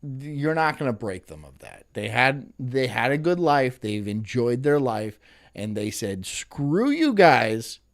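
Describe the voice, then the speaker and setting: A man's voice: medium pitch, unhurried. A man hosting a casual stream, rambling, sarcastic and laughing often as he reacts to a clip. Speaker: streamer host.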